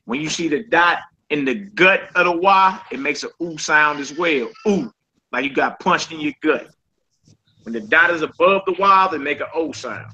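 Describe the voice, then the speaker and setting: A man's voice: a little high, bright, forceful tone, dull audio, slight background noise. A man teaching a Hebrew class in an informal, conversational way, often checking in with his students. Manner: informal, repeats "you know what I'm saying".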